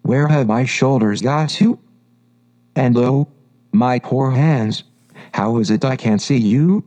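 A man's voice: mid-range voice, slow pace, mellow, close to an everyday voice. A man voicing a polite, puzzled little girl in a storybook reading, earnest and a bit indignant. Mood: wondering.

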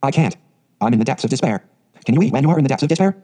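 Dreamy, gushing orphan girl of eleven, read by a man. Quick, husky audiobook delivery. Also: mid-range voice, animated, mellow, close to an everyday voice. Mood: despairing. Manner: dreamy, gushing, dramatic phrasing.

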